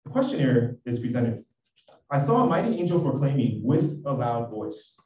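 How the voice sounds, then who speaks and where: A man preaching an expository sermon, reading scripture with animated emphasis. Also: medium pitch, a little fast. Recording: echoey, dull audio from a distance.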